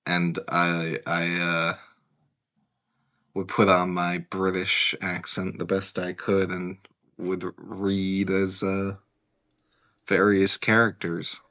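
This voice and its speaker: A man's voice: low-pitched, flat delivery, takes it slowly, pushed and bright. A man hosting a podcast, playful in his greeting and hesitant in chat. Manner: playful, hesitant, many fillers. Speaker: podcast host. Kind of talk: casual chat.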